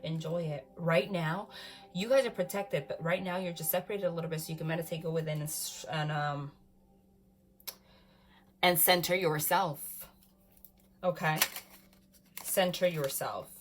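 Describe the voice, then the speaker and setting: A woman giving a casual tarot reading to camera, excitable, often saying "freaking" and "like", swinging from calm talk to loud laughing outbursts. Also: on the low side, slight background noise. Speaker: tarot reader.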